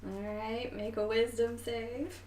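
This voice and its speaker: A woman's voice: on the high side, flat delivery, slow pace, a little mellow, distant mic. A woman game master describing the scene in a hesitant, giggly way, full of ums and restarts. She sits a little back from the mic in an echoey room with a faint hiss. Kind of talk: narrating a tabletop game.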